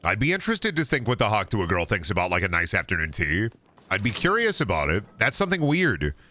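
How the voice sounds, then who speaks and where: A male streamer with a bright, sharp voice rants and jokes with his chat while he plays. His talk is loose, full of swearing and running riffs. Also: fairly low pitch, huge pitch swings, brisk. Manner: profane, ranting, riffs with chat. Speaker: streamer playing a video game. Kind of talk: casual gaming stream chatter.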